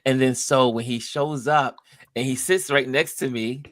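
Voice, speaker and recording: A medium-pitched man speaks at a moderate pace, with no echo, while hosting a live stream. He's an animated storyteller in casual chat, voicing other people's lines himself.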